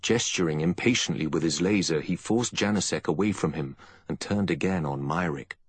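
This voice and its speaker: A man reading a novel aloud as narrator in a steady storytelling voice. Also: sits low, normal speed, breathy edge, no echo. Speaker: audiobook narrator. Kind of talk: scripted narration.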